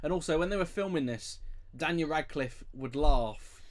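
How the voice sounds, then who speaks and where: A man's voice: a little high, normal speed. A young man chatting through a film commentary, joking and rambling with trivia asides.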